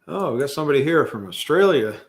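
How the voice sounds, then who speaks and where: Rambling middle-aged host chatting live. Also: male voice, on the high side, lively intonation, fast talker. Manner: rambling, many fillers and restarts, self-deprecating. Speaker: livestream host. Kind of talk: casual live chat reading viewer comments.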